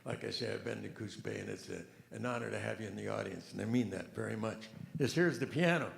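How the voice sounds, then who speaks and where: A man doing rambling stand-up comedy with a deadpan delivery, recorded live on stage. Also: lowish voice, fast talker, gravelly, background noise. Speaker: comedian and pianist. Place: large event hall on stage. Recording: echoey hall, live stage mic.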